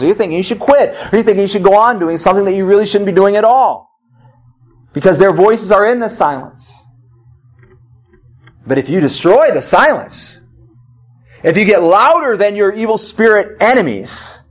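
A man preaching a sermon as pastor, swinging from loud emphatic cries to low quiet asides.

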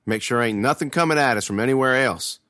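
A man voicing Lee, a steady, protective teenage older brother who gives orders in drawling country speech, in a horror storybook reading. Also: mid-range voice, fast, dry recording, clean studio sound, lightly acted. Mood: calm, commanding.

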